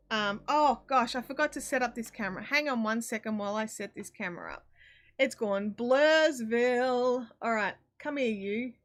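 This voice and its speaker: A woman's voice: on the high side, fairly bright tone. An Australian woman hosting a live craft stream from her home desk, chatting casually, reading viewer comments aloud and rambling with ums and restarts. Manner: chatty and rambling, with frequent ums and self-corrections.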